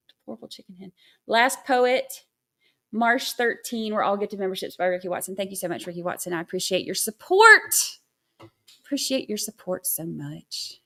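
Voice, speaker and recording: A woman's voice: fairly high pitch, lively intonation, measured pace, a bit bright. Sarcastic woman streamer, rambling asides. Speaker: livestream host. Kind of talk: casual livestream commentary.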